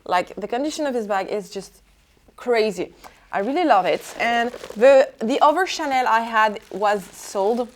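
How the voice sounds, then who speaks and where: A French woman in her twenties speaks English as a second language in a casual vlog where she shows off secondhand luxury goods for sale. Her voice is a little high, animated and unhurried, with slight background noise. She's enthusiastic, tends to repeat words and uses non-native phrasing.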